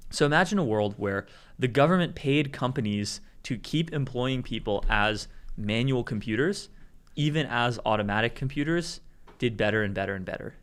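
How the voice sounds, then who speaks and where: A man co-hosting a live tech news show, calmly laying out arguments with examples in a casual commentary style. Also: mid-range voice. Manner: explanatory, builds arguments with examples. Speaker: co-host.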